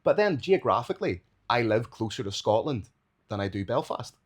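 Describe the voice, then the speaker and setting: A Northern Irish man chatting as a podcast guest in a lively, bouncy voice. He talks in a loose, chatty way, swears freely and drops in local words. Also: medium pitch, moderate pace, breathy edge. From Northern Ireland. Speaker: guest, sports commentator. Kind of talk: casual podcast chat.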